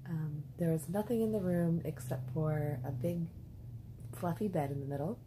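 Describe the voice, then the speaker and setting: A woman talking through her dream journal in a rambling, casual way, repeating words and clearing her throat, with the hiccups. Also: sits low, moderate pace, background noise. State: has the hiccups. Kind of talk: casual spoken diary.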